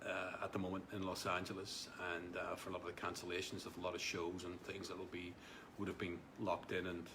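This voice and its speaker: Over some background noise, a deep-voiced man hosts a laid-back live stream. He rambles through viewer comments, leaning heavily on fillers and repeating his words.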